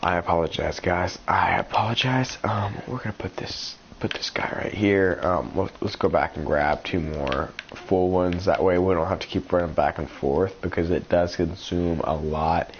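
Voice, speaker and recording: A man talking through his gameplay as a channel host, rambling and thinking aloud with many ums and restarts, sounding congested and a little rough. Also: sits low, moderate pace, hardly any pauses. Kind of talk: casual gameplay commentary. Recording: slightly dull lo-fi sound with faint noise.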